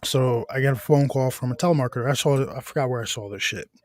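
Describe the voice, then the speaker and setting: A man's voice: medium pitch, quick pace, a little mellow, dry recording, clean studio sound. Rambling man telling phone stories. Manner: rambling storyteller, self-corrects, casual swearing. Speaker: podcast co-host. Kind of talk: casual chat.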